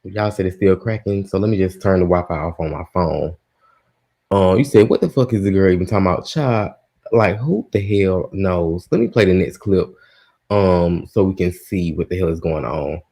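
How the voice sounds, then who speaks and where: A man's voice: sits low, normal speed, dark tone. A man hosting a live gossip stream, chatting casually with his listeners, exasperated and swearing freely. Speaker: host of a live gossip show.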